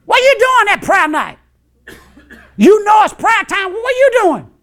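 A pastor preaching an impassioned, colloquial sermon, shouting in bursts and chuckling between points. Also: male voice, very high voice, sing-song, unhurried. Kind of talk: fiery sermon.

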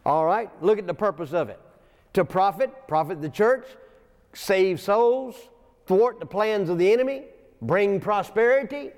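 This man's voice sits high and has a darkish tone, and his intonation is lively though his pace is unhurried. He preaches a folksy sermon in a church sanctuary, telling stories, chuckling in asides and reading scripture, all under a long church reverb.

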